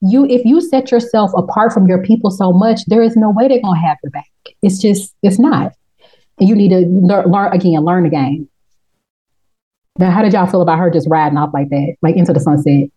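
A woman with a lower voice and a mellow, relaxed tone, recapping a TV episode in casual chat. She talks in a slangy, profane, animated way, jumping into quick impressions of the characters as she goes. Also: slightly rough, poor audio. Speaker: podcast host.

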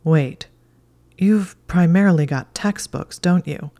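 An earnest, anxious young witch talks in a breathy near-whisper, in whispered role-play that a woman reads out. The tone is dark and mellow. It sounds like a storybook reading. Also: fairly low pitch, takes it slowly, voice pushed up. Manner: soft, breathy half-whisper.

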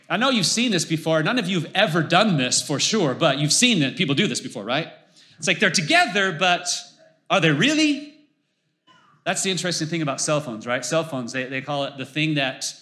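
Bright-voiced conversational male pastor. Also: on the high side. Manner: conversational, emphatic, repeats phrases for emphasis. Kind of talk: sermon.

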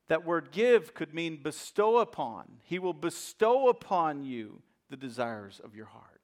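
A male pastor preaching a sermon in a church, swinging from loud emphasis to hushed asides and repeating phrases for weight. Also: on the high side, very animated, a little slow, hardly any pauses.

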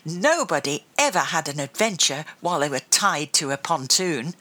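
A woman's voice: low-pitched, very animated, normal speed, pushed and bright, exaggerated voice. A woman voicing a spirited, jolly seafaring grandmother who exclaims heartily in a raised voice. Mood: hearty.

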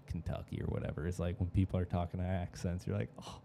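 A young man co-hosts a podcast, rambling casually with lots of fillers and the occasional swear word. His voice is low and creaky, delivered fast and completely flat, over a noisy background.

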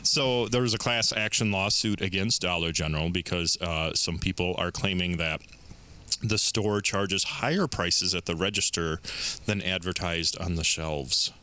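A relaxed man co-hosts a podcast over a remote connection. His voice sits low yet sounds bright, and he speaks slowly with a lively melody and faint background noise. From Michigan. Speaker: podcast co-host. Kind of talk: casual podcast banter. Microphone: remote recording software.

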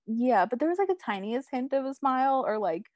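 A woman's voice: high-pitched, very animated, a little fast, a little mellow, dry recording. A young woman in casual chat, recapping a TV episode, rambling with lots of "like" and "um" and frequent laughs. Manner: rambling, heavy use of "like" and "um", laughs often. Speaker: podcast co-host recapping a TV episode.

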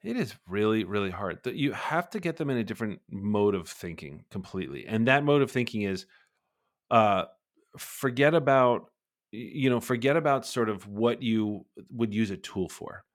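A man's voice: fairly low pitch, lively intonation, moderate pace. A man in his forties, a guest on an interview podcast, who talks animatedly and acts out little bits of dialogue. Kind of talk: conversational interview.

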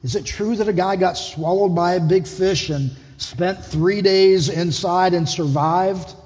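A man's voice: high-pitched, a little slow, a little mellow. A man preaching a conversational sermon as lead pastor, putting questions to the congregation. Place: church hall. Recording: dull echoey hall.

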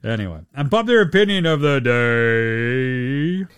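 A man's voice: medium pitch, big pitch swings, a little slow, clean tone, no room sound. An Australian man hosting a podcast, chatting casually and rambling with plenty of swearing and jokes. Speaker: podcast host. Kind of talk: casual sports chat.

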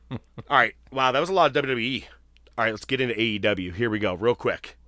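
A man hosting a casual wrestling podcast, telling stories in a profane, animated way. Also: mid-range voice, brisk. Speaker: podcast host.

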